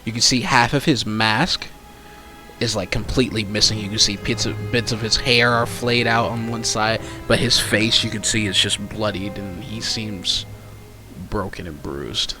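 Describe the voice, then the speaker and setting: A man with a somewhat low voice narrates a tabletop game as its game master. He pauses often and fills the gaps with fillers. Faint music plays under his voice. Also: fairly even intonation. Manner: hesitant, lots of fillers.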